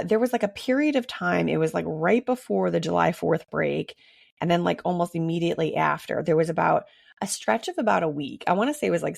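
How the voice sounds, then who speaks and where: Slightly raspy, gravelly woman podcaster. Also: lowish voice, darkish tone, dry recording, studio quality. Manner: chatty, frequent ums, laughs between thoughts. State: hoarse, recovering from illness. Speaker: podcast host. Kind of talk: casual solo podcast monologue.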